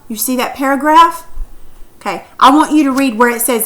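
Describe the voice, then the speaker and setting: Bright-voiced woman teaching reading. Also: a little high, moderate pace, rough recording. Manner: patient, questioning, reads aloud expressively. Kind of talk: reading lesson with questions.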